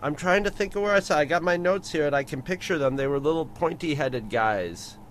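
A man chatting as a podcast co-host, enthusiastic but halting as he gathers his thoughts. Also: on the high side, lively intonation, a bit bright. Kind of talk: casual chat.

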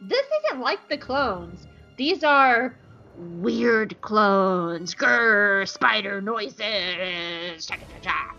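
A woman's voice: medium pitch, lively intonation, extremely slow, creaky, pushed and bright, muffled recording, soft background music, heavily acted. A woman voicing a menacing male alien admiral, a spider-like villain who growls and makes clicking noises.

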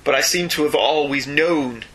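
Bright-voiced chatty English man. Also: on the high side, moderate pace. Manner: chatty, animated, jokey asides. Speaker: podcast co-host. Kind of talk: casual comics discussion.

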